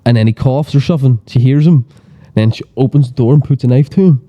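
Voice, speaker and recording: A man's voice: medium pitch, quick pace, muffled recording. A man chatting casually on a podcast, telling rambling, sweary stories full of fillers. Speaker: podcast guest. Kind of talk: casual chat.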